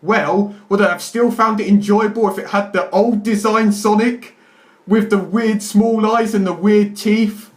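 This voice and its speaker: A man's voice: sits high, steady tone, a little slow. A young man rambling through a casual film review to camera at home, stammering and exaggerating for laughs. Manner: rambling, self-interrupting, jokey exaggeration. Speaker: video reviewer.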